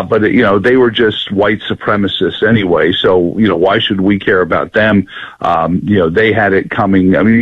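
A man who owns a local radio station, a guest on a political talk show, talking in animated bursts with restarts. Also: lowish voice, breathy edge, no echo, muffled recording. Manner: animated, many fillers and restarts.

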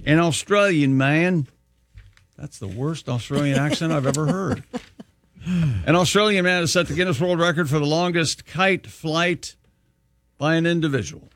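A man on a morning radio show runs through sports scores and odd news, breaking off for jokes. His voice sits a little high for a man. The studio sound is dry and close. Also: normal speed, a bit bright, no room sound. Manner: joking, plays out scenes in a mock pep-talk. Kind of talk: casual radio banter, reading news items.

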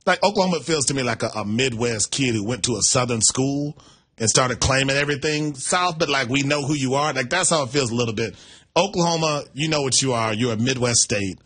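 A man from Milwaukee, co-hosting a casual sports talk show, laid-back and quick to laugh. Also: mid-range voice, a bit bright, husky.

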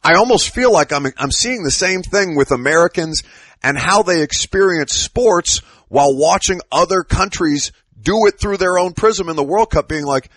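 A male co-host musing about sports fans in a thoughtful, halting way, often repeating words as he thinks. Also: high-pitched, animated, a bit bright, no echo. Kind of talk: casual sports talk.

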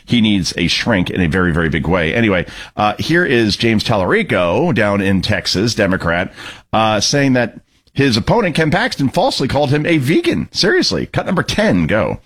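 A man's voice: lowish voice, very animated, moderate pace, fairly bright tone. A man hosting a political talk radio show, sarcastic and opinionated, cueing clips.

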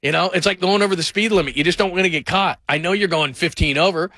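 A man hosting a call-in sports radio show, talking in an animated, rambling way and mimicking people in put-on voices. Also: sits high, quick pace, no room sound.

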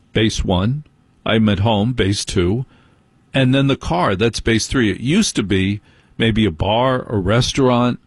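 A man's voice: on the low side, breathy edge, dry recording. A man hosting a late-night radio talk show, telling wry, grumbling stories with mock indignation. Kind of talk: casual comedic monologue.

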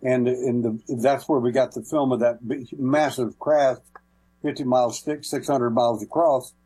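A man's voice: medium pitch, fairly even intonation, normal speed, dark tone, slightly rough, rough recording. A man guesting on a call-in radio show, telling folksy anecdotes with many hesitations and small laughs. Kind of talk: casual call-in radio storytelling.

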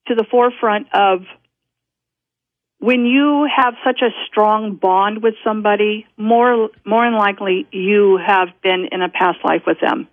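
A woman's voice: medium pitch, dry recording. A woman guest telling a personal story in a rambling, self-interrupting way, often breaking into laughter. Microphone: telephone. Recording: tinny phone line.

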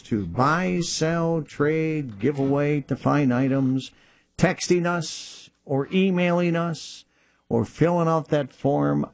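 Slow, steady male radio call-in host. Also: fairly high pitch, gravelly, dry recording. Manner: reads listings plainly and repeats phone numbers slowly. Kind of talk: radio buy-and-sell call-in show.

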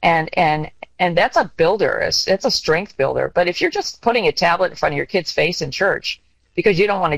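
A woman's voice: on the low side, creaky, no echo, rough recording. Earnest older woman giving parenting advice. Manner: earnest, animated storytelling with acted-out quotes. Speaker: guest. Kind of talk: conversational advice.

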